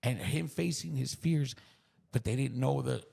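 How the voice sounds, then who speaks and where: Gravelly South Texas man, raw and profane. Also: mid-range voice, a little slow. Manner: raw, profane, swinging from hushed whispers to loud bursts. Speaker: podcast guest. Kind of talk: emotional storytelling.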